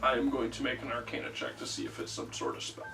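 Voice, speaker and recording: A man chatting casually as a player in a tabletop game, with quick asides. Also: mid-range voice, big pitch swings, noisy background. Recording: distant mic, music.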